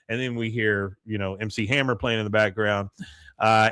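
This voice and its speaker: A man's voice: brisk, clear, resonant tone, no room sound, clean studio sound. A man hosting a podcast, recapping a cartoon episode in casual chat, reading character lines in a raised voice and laughing often at the jokes. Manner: animated, lifts his pitch when quoting characters. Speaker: podcast host.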